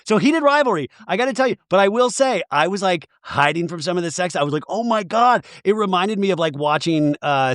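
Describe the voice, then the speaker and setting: Animated, chatty man with a fairly high voice. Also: dry recording, clean studio sound. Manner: animated, rambling, laughs often. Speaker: podcast guest. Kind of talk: casual podcast chat.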